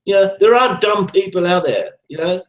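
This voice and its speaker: A man's voice: high-pitched, moderate pace, dull audio. A man hosting a live chat stream, ranting in a rambling, profane, repetitive way. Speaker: livestream host. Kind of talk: ranting casual talk. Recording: roomy echo.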